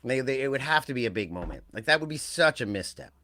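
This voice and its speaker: A man's voice: medium pitch, lively intonation, fast talker, bright, forceful tone, no room sound. A man co-hosting a wrestling podcast, talking in a rambling, casual way that trails off and restarts. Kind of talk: casual chat.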